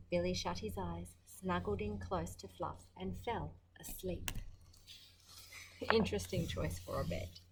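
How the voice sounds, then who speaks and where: Against a noisy background, an Australian woman with a lowish voice tells a story from a picture book to children. She reads expressively, breaking off to remark on things and pose questions to the listener.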